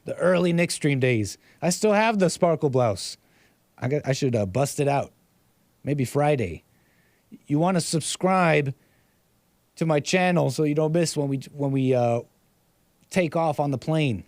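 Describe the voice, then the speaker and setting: A man's voice: a little high, lively intonation, a little slow, long pauses, darkish tone, dry recording. A man hosting a casual livestream, reading viewer messages and rambling sarcastically with frequent restarts. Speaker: livestream host.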